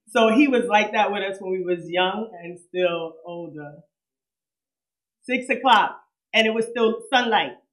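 Nervous woman giving a eulogy in an echoey hall. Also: medium pitch. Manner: nervous, conversational, laughs between memories. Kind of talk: funeral eulogy. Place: funeral service hall. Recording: roomy hall echo.

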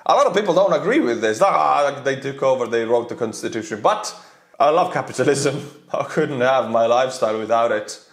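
A man from Estonia with an Estonian accent, reacting to cartoons in rapid, excitable commentary. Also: mid-range voice. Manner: rapid, excitable, laughing asides. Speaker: YouTuber reacting to videos. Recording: roomy echo.

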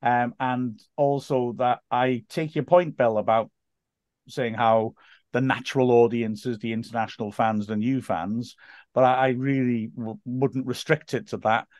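A man co-hosting a podcast who teases the others with dry, deadpan wit. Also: mid-range voice, a little slow, no echo. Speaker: podcast co-host. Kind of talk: casual podcast chat.

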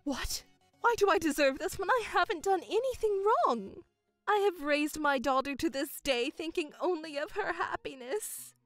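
A woman's voice: high-pitched, animated, moderate pace, no room sound, soft background music. A woman voicing a self-pitying, controlling middle-aged mother who whines and stammers in outbursts, in a dramatized story. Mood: distraught.

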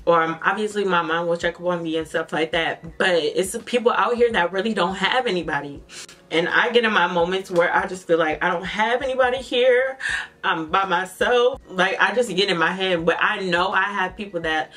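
Bright-voiced woman chatting while doing makeup. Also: lowish voice, normal speed. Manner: candid, expressive storytelling, addresses viewers as y'all. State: tearful at times. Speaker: beauty vlogger. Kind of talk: casual get-ready-with-me chat.

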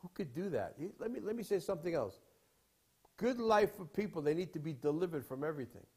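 A man's voice: a little high, very animated, fast, a little mellow, husky. Rambling male preacher, emphatic swings. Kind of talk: sermon storytelling.

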